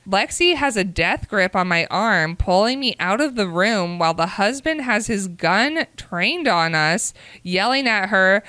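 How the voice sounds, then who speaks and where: A woman reads wild dating stories aloud to a co-host, slipping into little voices for the people in them. Her voice is bright and smooth, and it sounds close and dry, with no room behind it. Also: medium pitch, lively intonation, a little slow, few pauses, no room sound. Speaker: podcast co-host reading stories. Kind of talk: casual storytelling chat.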